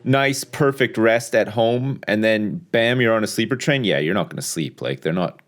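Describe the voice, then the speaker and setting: A man co-hosting a podcast, recounting a trip in relaxed, sweary casual chat full of fillers. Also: on the low side, normal speed. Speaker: podcast co-host.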